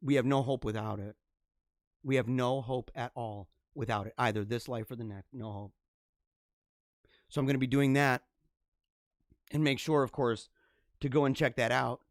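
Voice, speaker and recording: A man hosting a live religious stream, talking fervently and preachily, dropping to hushed tones and then rising to loud exhortation. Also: mid-range voice, steady tone, normal speed, pauses often, dry recording, studio quality. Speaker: host of a live religious show. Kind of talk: impassioned live-stream monologue.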